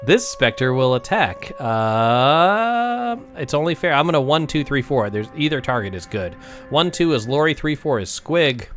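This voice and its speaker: Man, game master, lively swooping intonation, casual and self-correcting, faint music underneath. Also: medium pitch, unhurried. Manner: casual, rolls dice aloud, self-correcting. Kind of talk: narrating a tabletop game.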